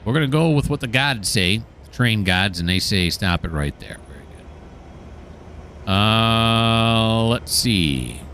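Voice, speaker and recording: Low chatty man narrating his game. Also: expressive, slow pace, fairly bright tone, slight background noise. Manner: chatty, talks to himself and the game, mildly sarcastic. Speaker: gaming channel host. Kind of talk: casual let's-play commentary.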